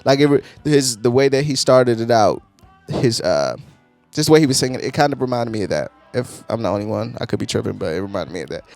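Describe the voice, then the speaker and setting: Male music reviewer, relaxed and profane, prone to excited laughing bursts; mid-pitched, dry recording. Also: quick pace, vocal fry, no room sound. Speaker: album reviewer, channel host. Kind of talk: casual music review talk.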